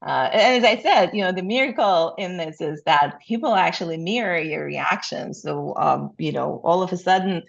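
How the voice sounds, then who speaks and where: A woman's voice: on the low side, moderate pace, gravelly, hardly any pauses, lo-fi sound. A woman speaking as a coach in an interview, with frequent fillers and rhetorical questions. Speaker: burnout coach, guest. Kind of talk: interview answers.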